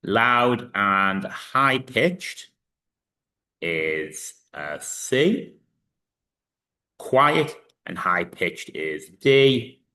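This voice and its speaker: Man, 30s, physics teacher, very low voice, bright tone, step-by-step explaining, frequent fillers. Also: very animated, drawn-out words. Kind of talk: recorded online lesson.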